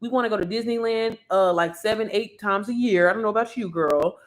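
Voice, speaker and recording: A young woman talks on a livestream. She is chatty and hyped as she coaches viewers on earning online, calling them girl and sis. Her voice sits at a middle pitch. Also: fairly quick. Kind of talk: casual livestream sales talk.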